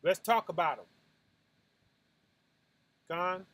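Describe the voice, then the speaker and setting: A man giving a casual, conversational sermon as the show's host. He keeps checking in with "right?", drops low and soft, then bursts out loud with punching sound effects. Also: slow, no room sound. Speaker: preacher hosting a Sabbath night talk.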